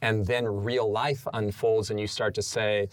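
A man's voice: on the low side, level tone, a little slow. Earnest male storytelling panelist. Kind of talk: faith discussion panel.

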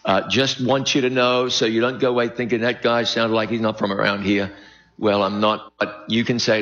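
A man's voice: mid-range voice, fairly even intonation, a little fast, fairly bright tone, dull audio. Older New Zealand-accented man preaching. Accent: New Zealand, softened by decades in America. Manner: folksy, self-deprecating humor with the audience. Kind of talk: prophecy seminar sermon.

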